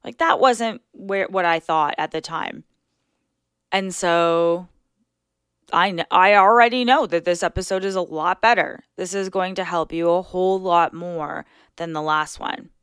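A woman's voice: lowish voice, measured pace, a bit bright, clean tone, no room sound. Earnest woman podcaster, dry close sound. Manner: earnest, reflective, coaching listeners. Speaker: podcast host. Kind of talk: casual solo podcast talk.

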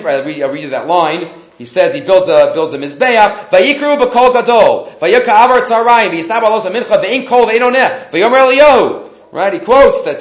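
Casting: high-voiced man, animated Torah teacher, dull echoey room recording. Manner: animated, acts out quotes, repeats himself. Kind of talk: Torah class lecture.

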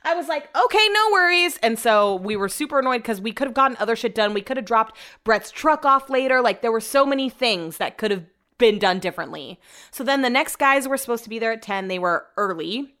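A woman's voice: a little high, brisk. Chatty, foul-mouthed young woman storyteller. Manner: chatty, profane, animated retelling. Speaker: vlogger. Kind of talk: casual storytelling.

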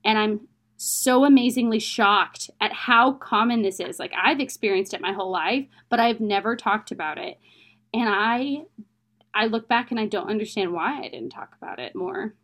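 A woman's voice: medium pitch, moderate pace, fairly bright tone. A young adult woman, an interview guest, telling a personal story in a candid, emotional, plain-spoken way.

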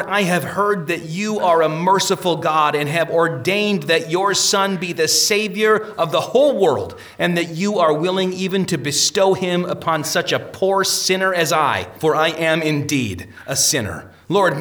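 A man doing a calm, steadfast pilgrim who speaks gently and kindly in a storybook reading. The tone is bright and a bit high. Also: measured pace, hardly any pauses, far from the mic. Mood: earnest.

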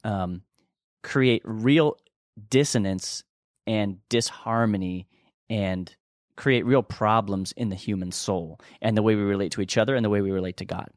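A man's voice: fairly low pitch, moderate pace, no echo, studio quality. A man co-hosting a podcast, talking in an earnest, rambling way with restarts and chuckles. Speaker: podcast co-host. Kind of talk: casual conversational podcast teaching.

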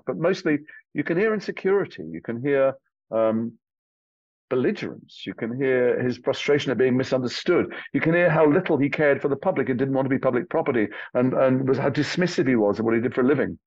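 Speaking as a guest in an interview, this English actor tells animated stories, curses offhandedly, and has an accent mixing Liverpool and London. His mid-range voice is a little mellow. The recording lacks echo and has its highs cut off.

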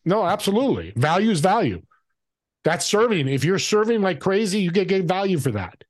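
An older man hosts a casual interview and answers his guest with enthusiastic agreement. His voice sits at a middle pitch. The recording is dry and close, with no room sound. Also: big pitch swings, a little fast, dry recording. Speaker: host.

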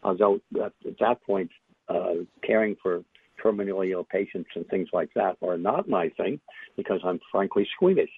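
An older man tells his story as an interview guest, reflective and halting, with many fillers and restarts. His voice is low, gravelly and husky. It comes over a dry, tinny phone line. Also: lively intonation, no room sound.

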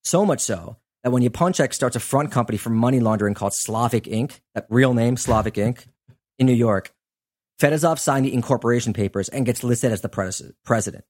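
A man's voice: mid-range voice, fairly quick, darkish tone. A man hosting a podcast, telling a true-crime story in a casual, conversational way with frequent asides. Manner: conversational, chatty, lots of "like" and "you know" asides. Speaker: podcast host.

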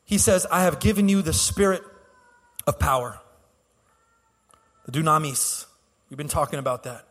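A man preaching a sermon as pastor to his church, impassioned, swinging between soft and loud and repeating words. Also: on the high side, animated, moderate pace, long reverb tail. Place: church sanctuary.

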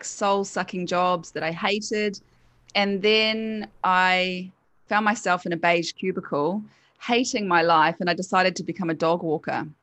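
A woman with a New Zealand accent talks through her own story in an open, chatty way, laughing at herself now and then. Her voice sits on the low side. The recording is dry and close. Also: fairly bright tone, no echo. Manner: candid and chatty, with frequent laughs and self-deprecating asides. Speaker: guest, hypnotherapist. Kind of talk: casual conversational storytelling.

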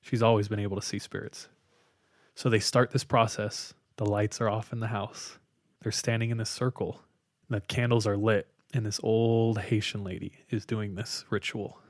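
A man's voice: lowish voice, normal speed, no echo, studio quality. Man telling a ghost story casually. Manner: animated retelling with fillers, hushed for spooky parts. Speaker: podcast co-host telling a story.

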